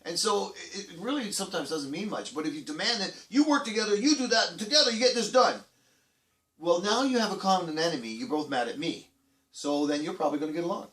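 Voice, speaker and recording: Male kids' show host, casual, rambling delivery, slightly raised pitch, echoey distant room sound. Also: animated, quick pace. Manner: rambling, with many restarts and fillers; acts out quoted voices loudly. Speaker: children's program host. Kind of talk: casual talk to children.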